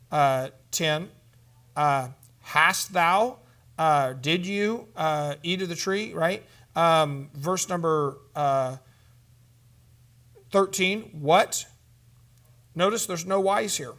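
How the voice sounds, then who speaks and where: A man's voice: high-pitched, a bit bright. A man teaching a church conference session, speaking emphatically, asking the room questions and acting out sample counseling exchanges.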